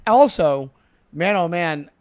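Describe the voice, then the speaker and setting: A man's voice: fairly high pitch, animated, slow, a little mellow. A man co-hosting a comedy podcast, rambling and correcting himself as he talks. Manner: rambling, self-correcting, enthusiastic. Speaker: podcast co-host. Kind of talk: casual comedy podcast chat.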